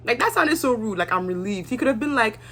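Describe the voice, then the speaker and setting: A woman's voice: high voice, animated, fast talker, pushed and bright. Chatty young woman reviewing reality TV. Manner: chatty, candid, acts out cast members' lines. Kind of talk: casual opinionated commentary.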